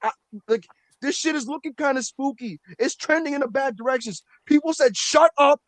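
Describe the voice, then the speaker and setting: A man's voice: very high-pitched, brisk, dry recording, low-quality recording. A man ranting animatedly on a casual wrestling podcast, swearing and mocking the people who doubted him. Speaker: podcast co-host.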